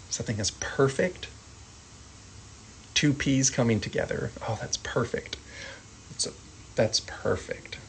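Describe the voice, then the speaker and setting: A man teaching sign language vocabulary, calmly repeating each word and adding gentle asides. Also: medium pitch, slight background noise, low-quality recording. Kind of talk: slow vocabulary lesson.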